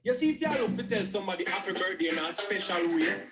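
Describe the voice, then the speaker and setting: A man with a Jamaican accent pitching and chanting a custom birthday song in patois slang. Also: animated, fast. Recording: loud backing music. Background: loud music.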